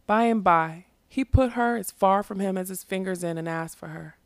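A woman reading a fantasy novel aloud, unhurried and lyrical. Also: mid-range voice, no room sound. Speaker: reader.

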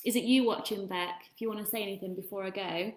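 A woman's voice: mid-range voice, fairly even intonation, fast talker. A woman, a self-love coach, giving a rambling, casual motivational talk and swearing freely. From England. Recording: echoey room.

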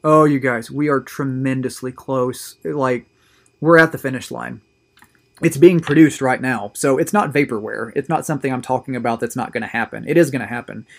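A man with an ordinary, mid-pitched voice hosts his own video show in a relaxed, chatty monologue. He sounds upbeat and eager and often stumbles and repeats words as he talks. The delivery is casual and unscripted. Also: normal speed, vocal fry. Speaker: host of a tobacco review show.

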